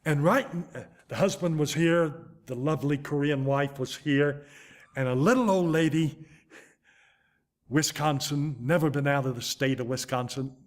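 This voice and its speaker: An older man with a mid-range voice preaches a sermon, telling a story with animated, dramatic shifts in volume and speed.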